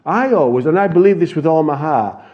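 A man's voice: fairly high pitch, expressive, a little fast. A man earnestly telling a congregation a testimony from his mission work, with some restarts along the way. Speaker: church missions speaker. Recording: dull lo-fi recording.

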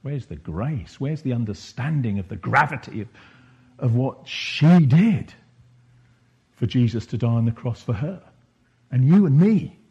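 A man's voice: medium pitch, expressive, measured pace, vocal fry, dark tone, breathy edge, lo-fi sound. A man preaching a sermon, reflective and questioning, rising at times into impassioned bursts.

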